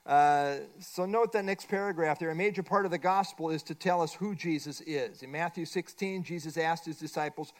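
At a normal speed and with hardly any pauses, a middle-aged man runs a Bible study lesson, working through the class workbook page by page. His somewhat high male voice pushes his main points emphatically, again and again.

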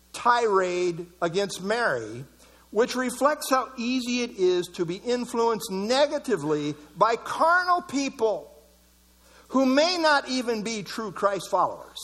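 A male preacher with a high, lively voice works through scripture verse by verse. His pitch rises and falls widely as he stresses single words and adds chuckling asides. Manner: animated, reads quotes, chuckles at his own asides. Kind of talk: expository sermon.

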